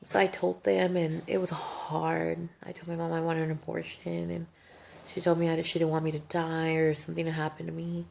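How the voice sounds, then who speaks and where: Gravelly young woman telling her story. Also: low-pitched, flat delivery, normal speed, a little mellow, slight background noise. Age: young adult. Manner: emotional, rambling, swears freely. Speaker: vlogger. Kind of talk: casual storytime monologue.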